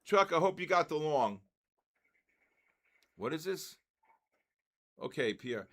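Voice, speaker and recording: Older guy reading out names on a stream like an auctioneer, lively up-and-down voice, slow. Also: fairly high pitch. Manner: auctioneer-style calls, loud shouts of "next". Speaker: trading stream host. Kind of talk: live stream giveaway calling.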